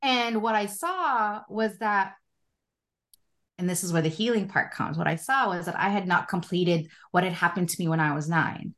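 A woman in her forties, a spiritual life coach, telling a personal story in a casual interview with animated, expressive delivery and frequent laughter. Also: mid-range voice.

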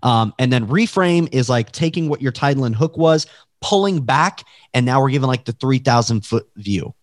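An energetic man talks as a podcast guest over a video call. He speaks emphatically and acts out examples with his own voice. The sound is dry and close, with no room echo. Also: medium pitch, normal speed. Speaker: realtor and guest. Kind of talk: casual podcast interview.

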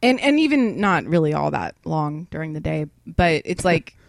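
A young woman co-hosts a podcast in casual chat, tipsy from wine, rambling, swearing freely and laughing a lot. Her deep, creaky voice swings widely in pitch at a moderate pace, recorded with studio quality and no echo.

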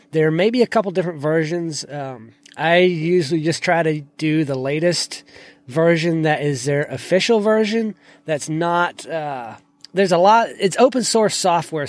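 Male podcaster, casual tutorial delivery, not a deep voice, trailing sentence ends, dry desk-mic sound. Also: dry recording. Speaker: podcast host. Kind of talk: casual screen-share tutorial. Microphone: desk microphone.

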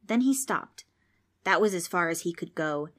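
A woman reading a children's storybook aloud as narrator, steady and expressive. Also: fairly low pitch, normal speed.

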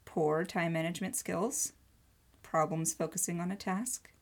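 A woman's voice: lowish voice, fairly even intonation, unhurried. A woman co-hosting a casual podcast chat, reading through a list and joking, laughing often. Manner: jokey, laughs often, reads lists aloud. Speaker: podcast co-host.

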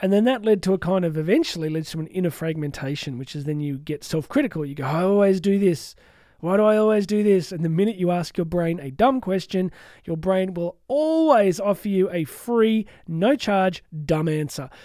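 A man's voice: high-pitched, brisk, dry recording, clean studio sound. A man giving a candid motivational talk as a life coach, joking at his own expense and acting out his inner voice in mock quotes. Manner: candid, self-mocking, animated asides.

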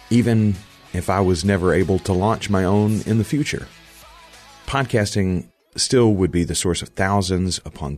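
Deep-voiced man reading a heartfelt essay. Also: darkish tone, no echo. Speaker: podcast host. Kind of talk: scripted personal essay narration.

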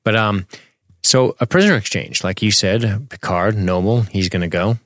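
A man's voice: lowish voice, normal speed, fairly bright tone, no room sound, clean studio sound. A man co-hosting a podcast, chatting casually and profanely about a movie as he watches it, laughing often. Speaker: podcast co-host. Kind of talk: casual movie commentary chat. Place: home streaming setup.

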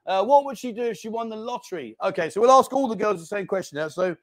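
High-voiced joking man hosting. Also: expressive, fast. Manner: jokey, bossy banter, calls people mate. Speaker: host. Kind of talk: lively live-stream chat. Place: bar. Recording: live stream.

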